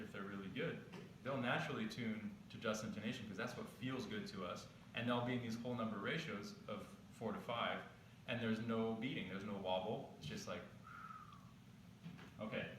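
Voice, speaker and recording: A man's voice: lowish voice, background noise. Man explaining music theory in echoey room. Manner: explanatory, casual, with rhetorical questions. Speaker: pianist leading a music workshop. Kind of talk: lecture with live demonstration. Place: festival workshop venue. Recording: very echoey, dull sound, loud instrument behind. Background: instrument tones playing.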